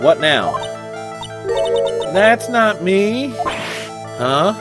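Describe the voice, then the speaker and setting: A man's voice: sing-song, drawn-out words, exaggerated voice. A man voicing a ditzy, airheaded young woman witness in a video game, with a put-on Southern drawl and "like" in every sentence. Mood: flustered. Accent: American Southern (put on). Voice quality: high, drawling, says "like" constantly. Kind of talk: reading a video game aloud on a live stream. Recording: game music playing behind.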